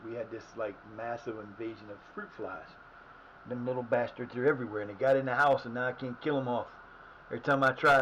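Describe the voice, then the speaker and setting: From his house, a man gives live gameplay commentary, wandering between the game and his day and swearing freely at his players. His voice is mid-range, hoarse and fading, and the recording is slightly muffled with a faint hiss.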